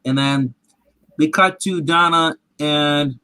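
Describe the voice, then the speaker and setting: A man hosting a casual show, retelling a TV episode in an animated, rambling way with restarts. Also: fairly high pitch, takes it slowly, clean tone, no echo. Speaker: podcast host. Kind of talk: casual chat recapping a TV episode.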